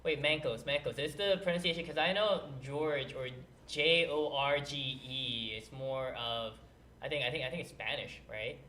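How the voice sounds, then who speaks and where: A man's voice: medium pitch, fairly even intonation, normal speed, sharp tone, slight background noise. A man hosting a game livestream, curious and thinking aloud while he plays, in casual chat. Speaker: livestream host. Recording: roomy echo.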